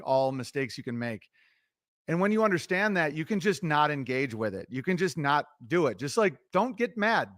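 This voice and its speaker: A middle-aged man talking loosely on a livestream, giving relationship advice in an animated, profane, self-interrupting ramble. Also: medium pitch, no echo, studio quality. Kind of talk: casual rambling monologue.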